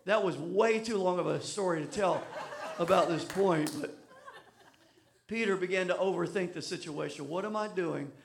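A man preaching. His voice sits high for a man, and he mixes self-deprecating anecdotes with emphatic, repeated lines of sermon. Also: moderate pace, gravelly, slight background noise. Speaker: pastor.

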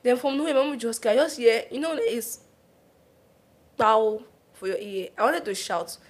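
A young Nigerian woman with a Nigerian accent tells her stories in a lively, laughing way on a casual podcast. Her voice sits a little high, and she drifts into pidgin now and then. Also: normal speed. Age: young adult. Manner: animated, laughing, slips into pidgin. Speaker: podcast co-host. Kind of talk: casual storytelling chat.

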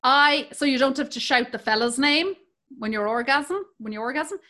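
A woman's voice: high-pitched, moderate pace, sharp tone. An Irish woman telling bawdy stories in a casual chat, often laughing as she talks. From Ireland.

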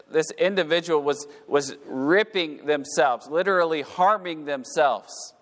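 A man's voice: mid-range voice, fairly bright tone. A man preaching a sermon in a church, reading scripture in old-fashioned wording and then explaining it, often repeating words as his delivery builds. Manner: repeats words while rising to fervent emphasis. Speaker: pastor. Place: church sanctuary. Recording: echoey hall.

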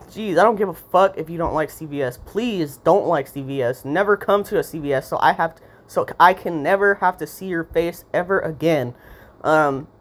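A young woman ranting loosely on camera, swearing nonstop and drifting from point to point. Her voice sits a little low. She slips into sarcastic, mocking impressions of the people in her story.

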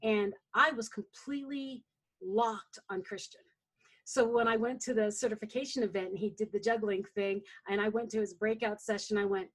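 In relaxed conversation as a guest, a coach tells lively stories and voices the words of others. She speaks at a normal speed with a medium-pitched voice.

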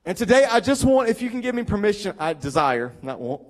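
A man's voice: sits high, very animated, fast. A man with a Southern US accent, a pastor preaching a sermon in a conversational storytelling way with self-deprecating asides. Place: church.

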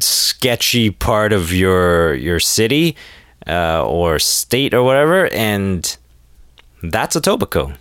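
Man, sarcastic ranting monologue, profane, mid pitch, dry close sound. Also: fairly bright tone, clear, resonant tone, no echo. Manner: sarcastic, profane, mocks others in quoted voices. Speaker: podcast host.

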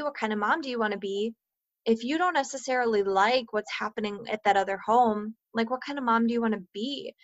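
A woman's voice: on the high side, no echo, dull audio. A woman in her thirties speaking candidly to listeners about co-parenting, earnest and full of "like" fillers, swearing freely. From Minnesota, US.

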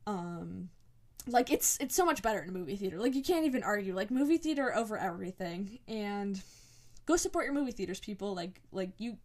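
Chatty young woman podcaster rambling excitedly. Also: mid-range voice, a little fast. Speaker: podcast host. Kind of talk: casual solo episode talk.

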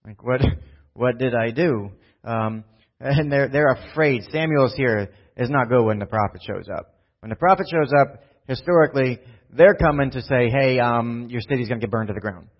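Animated male pastor, muffled recording. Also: medium pitch, moderate pace. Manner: animated, often asks "right?" and acts out Bible scenes in voices. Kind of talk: conversational sermon. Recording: dull lo-fi sound.

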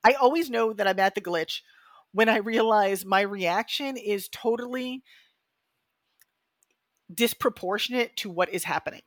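A woman in her fifties, co-hosting a podcast in a casual, animated way and acting out her own thoughts. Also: mid-range voice, a little slow, long pauses, no echo, studio quality. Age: 50s. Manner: animated, acts out quoted thoughts. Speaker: podcast co-host.

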